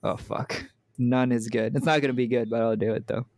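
A man co-hosting a podcast in casual chat, excitable, laughing often and swearing freely. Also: medium pitch, fairly quick. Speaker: podcast co-host.

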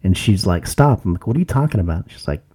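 Mellow, husky-voiced man. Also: lowish voice, expressive, fast talker. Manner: laid-back anecdotes, swears casually. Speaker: podcast co-host. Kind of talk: casual chat.

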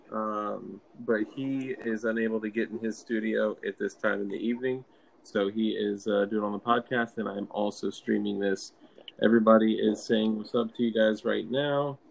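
A man co-hosting a casual podcast, laid-back and quick to laugh. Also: fairly low pitch, fairly even intonation, creaky, a little hiss or hum. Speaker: podcast co-host.

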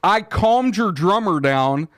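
A man's voice: high voice, expressive, takes it slowly, a bit bright, no echo, studio quality. A man, co-hosting a podcast in casual, profane banter and laughing often. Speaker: podcast co-host.

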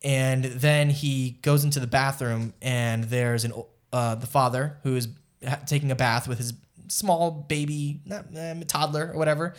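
A man's voice: medium pitch, fairly even intonation, normal speed. A man co-hosting an anime podcast, retelling episodes in casual chat with many fillers and asides. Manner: rambling, lots of fillers and asides, distracted by live chat. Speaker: podcast co-host.

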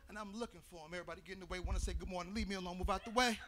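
A man from Chicago preaching a sermon as pastor. He tells a story and then builds into shouted, half-sung preaching. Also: sits high, rapid-fire, hardly any pauses. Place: church sanctuary.

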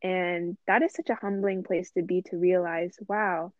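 A woman's voice: fairly low pitch, fairly even intonation, measured pace, no echo. A woman co-hosting a casual faith discussion, talking earnestly and reflectively and often quoting scripture. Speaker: podcast co-host. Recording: dry, tinny phone-like line.

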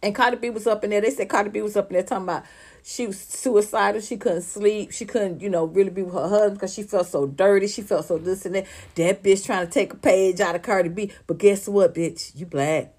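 A woman's voice: medium pitch, steady tone, brisk, darkish tone. A woman giving heated celebrity gossip commentary, blunt and profane, firing off sarcastic rhetorical questions.

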